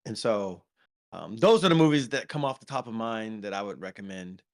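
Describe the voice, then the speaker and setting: Talking fairly quickly with lively intonation, a man with a lowish voice co-hosts a casual podcast about movies. He rambles, often saying "um" and restarting his sentences.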